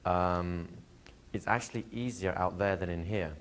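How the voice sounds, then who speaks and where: Low-voiced man teaching with animated stories. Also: measured pace, slight background noise. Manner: animated storytelling, laughing, acting out quoted dialogue. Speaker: hypnosis instructor. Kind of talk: live workshop Q&A answer. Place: training room with students.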